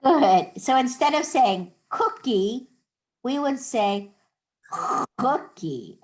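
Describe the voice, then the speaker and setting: Middle-aged American woman, slow and patient teacher, demonstrates sounds. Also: high-pitched, lively intonation, a little mellow, rough recording. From United States. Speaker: Hebrew teacher. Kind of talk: online class lesson.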